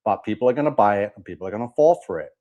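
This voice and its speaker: A man's voice: lowish voice, expressive, very fast, dull audio, slight background noise. A man hosting a religious commentary show, talking emphatically with scorn and repeated warnings. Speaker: host of a religious commentary channel. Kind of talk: preachy commentary.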